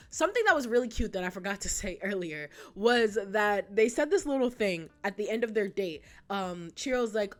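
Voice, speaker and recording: Woman in her twenties, casual chatty vlog talk, lots of asides, rhetorical questions, mid-pitched voice. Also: normal speed, hardly any pauses. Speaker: YouTube host. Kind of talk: casual retrospective commentary.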